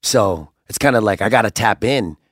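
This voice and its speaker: A man on a podcast as a guest, telling stories in a rambling, animated way with lots of restarts. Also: lowish voice, normal speed, no room sound, studio quality. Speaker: guest, singer. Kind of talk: casual podcast chat.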